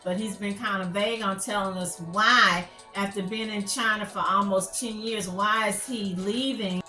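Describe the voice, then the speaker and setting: A woman's voice: medium pitch, steady tone, moderate pace, pushed and bright. Chatty woman vlogging in an echoey room. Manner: chatty, gossipy, rambling with many fillers. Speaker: YouTube channel host. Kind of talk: casual commentary vlog. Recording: echoey room with faint music.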